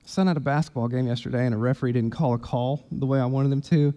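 A man's voice: mid-range voice, steady tone, fast, dark tone, big-room sound. A man preaching a sermon as pastor, emphatic and conversational, in a church sanctuary.

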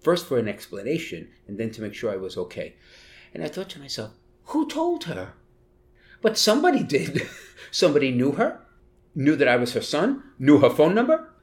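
A middle-aged man with a New York accent, a bishop telling family stories in an interview, animated and laughing as he talks. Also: mid-range voice, brisk. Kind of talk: storytelling interview.

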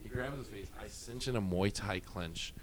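A man telling a story in casual chat, animated and profane, often laughing. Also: lowish voice, moderate pace, slight background noise.

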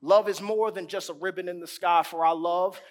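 A man preaching a sermon, pausing dramatically and drawing out key words, building emphasis on repeated phrases. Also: high voice, fairly even intonation. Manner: slow, dramatic pauses, stretched key words.

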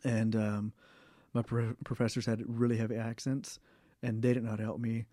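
A young man in a casual interview, talking in a rambling way with many fillers, restarts and throat clearing. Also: medium pitch, little pitch movement, moderate pace, mellow, no echo, clean studio sound. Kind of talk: casual oral history interview.

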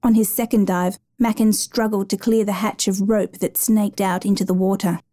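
A woman reading a dramatic true rescue story aloud in a measured, even narration. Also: medium pitch.

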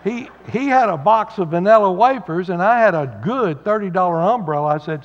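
A man's voice: high-pitched, animated, moderate pace, hardly any pauses. A man preaching a sermon as pastor, folksy and joking, with lots of fillers. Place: church sanctuary. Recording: dull sound with long hall reverb.

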